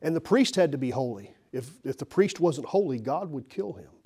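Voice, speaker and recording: A man preaching a sermon earnestly, swinging from strong emphasis to hushed near-whispers. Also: fairly high pitch, expressive, normal speed, husky.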